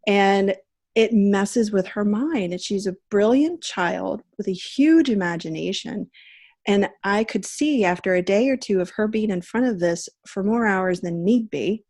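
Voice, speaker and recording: A woman's voice: medium pitch, unhurried, a little mellow. A woman in her thirties hosting a casual video chat, talking in an earnest, chatty way with frequent fillers. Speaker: host.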